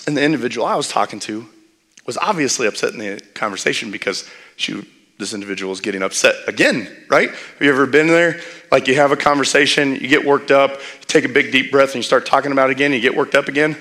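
A man's voice: mid-range voice, fast talker, a bit bright. Man, pastor, sermon, conversational storytelling, emphatic build-ups.

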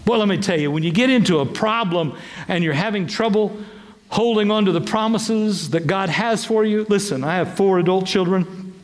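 A man in his sixties, a bishop preaching a sermon with playful, animated storytelling and acted-out voices. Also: high-pitched, normal speed, long reverb tail. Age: 60s.

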